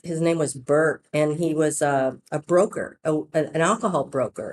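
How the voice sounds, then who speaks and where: A female founder shares her company's origin story on a laid-back podcast, her voice sitting low. Chatty and animated, she acts out the dialogue she quotes.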